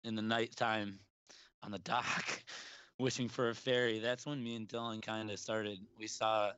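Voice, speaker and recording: A man's voice: fairly low pitch, little pitch movement, a little slow, a bit bright, clean tone, dry recording. A young man telling a long, rambling story in casual chat, laughing often and restarting his sentences. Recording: dry, dull lo-fi sound.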